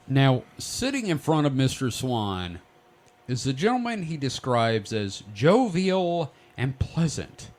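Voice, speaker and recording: A man hosting a casual podcast, telling a story with lots of jokes and swearing. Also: medium pitch. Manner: lively storyteller, swears freely, laughs often. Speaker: podcast host presenting the research. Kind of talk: casual comedic podcast banter.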